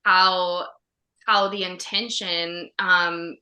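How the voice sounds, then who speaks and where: Bright-voiced woman podcast host. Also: lowish voice, level tone, extremely slow, reverberant. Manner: chatty, heartfelt, heavy on fillers. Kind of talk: casual podcast chat.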